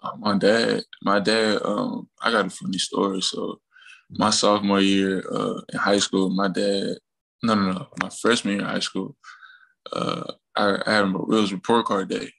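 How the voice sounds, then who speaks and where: Deep flat gravelly young man. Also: moderate pace, poor audio. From Mississippi. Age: young adult. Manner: relaxed, rambling with fillers and restarts, laughs while telling stories. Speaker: college basketball player, guest. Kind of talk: casual interview storytelling.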